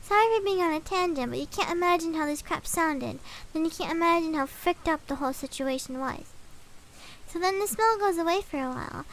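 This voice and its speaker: A woman's voice: very high voice, a bit bright. A woman streamer casually reading a scary story aloud, swapping swear words for milder ones and breaking off for chatty asides.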